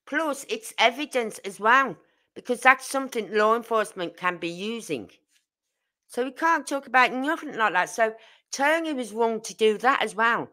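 Rambling woman with a bright voice. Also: on the high side, lively intonation, moderate pace. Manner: rambling, indignant, reads viewer comments. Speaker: true crime channel host. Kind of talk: casual livestream chat.

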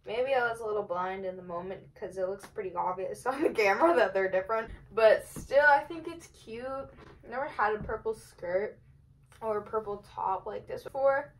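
A young woman chatting casually through a clothing try-on haul, bubbly and rambling, talking fast. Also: mid-range voice, slight background noise, poor audio. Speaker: fashion vlogger.

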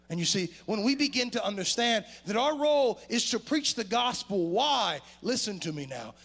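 A pastor preaches a sermon in a church sanctuary, his slightly higher-than-typical male voice carrying a gravelly edge. His pitch swings widely, rising for emphasis and dropping low for quieter points, as he speaks fairly quickly with few pauses. His delivery is animated, with sudden loud surges and soft drops, and faint music plays behind him.

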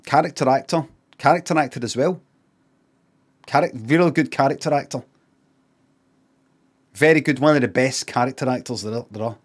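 A man's voice: medium pitch, normal speed, pauses often, breathy edge. Sweary Scottish man ranting on stream. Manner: sweary, rambling, sarcastic asides. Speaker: live streamer. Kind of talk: casual live-stream reaction chat.

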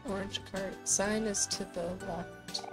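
A woman's voice: medium pitch, fairly even intonation, slow pace. A young woman streaming a game, joking to herself and reading dialogue aloud. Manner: playful, joking asides to herself. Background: faint game music.

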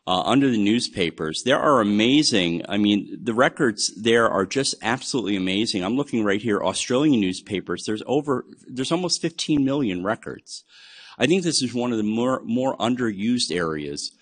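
A man's voice: lowish voice, expressive, moderate pace. A man from the United States giving a chatty, enthusiastic genealogy webinar lecture, with frequent fillers. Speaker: genealogy presenter. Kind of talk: webinar lecture on research methods.

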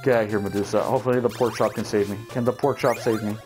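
A young man giving casual gameplay commentary, swearing, shouting at enemies and talking to his viewers as he plays. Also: on the low side, steady tone, quick pace, over music. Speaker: let's play gamer.

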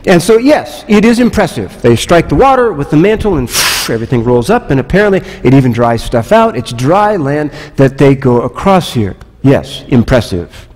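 A man's voice: fairly high pitch, very animated, normal speed, few pauses, darkish tone, big-room sound. A man pastor preaching a sermon, conversational, asking the listeners rhetorical questions. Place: church sanctuary.

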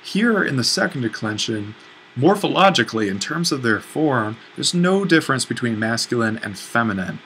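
A man's voice: medium pitch, very animated, normal speed, fairly bright tone, slight background noise, rough recording. A man teaching a recorded lecture, explaining step by step with fillers and self-corrections.

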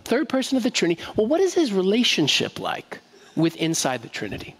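A man preaching a sermon to his congregation in a relaxed, conversational way, often asking them questions and repeating key phrases. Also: high-pitched, brisk. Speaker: pastor. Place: church sanctuary. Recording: long reverb of a church hall.

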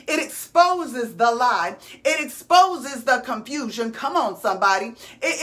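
Slow, high-voiced woman preaching. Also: bright, forceful tone. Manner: call-and-response preaching, repeats phrases for emphasis. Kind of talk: sermon.

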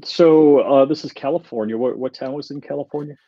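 A man's voice: medium pitch, fairly quick, no room sound, dull audio. A male co-host in casual chat, making dry wisecracks. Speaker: podcast co-host.

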